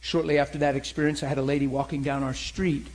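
A middle-aged man preaching, telling a story with animated acted-out dialogue. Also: medium pitch, quick pace, low-quality recording. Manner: animated, acts out both sides of dialogue. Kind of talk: sermon storytelling.

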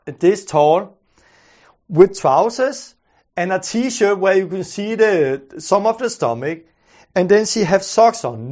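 Earnest high-voiced man telling a story. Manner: earnest, halting, with many restarts and repeated words. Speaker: preacher telling a testimony. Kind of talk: storytelling testimony. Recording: muffled lo-fi recording.

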